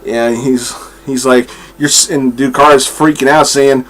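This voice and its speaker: A man's voice: medium pitch, steady tone, measured pace. A man giving a casual comic book review, enthusiastic and swearing freely, acting out the dialogue he quotes.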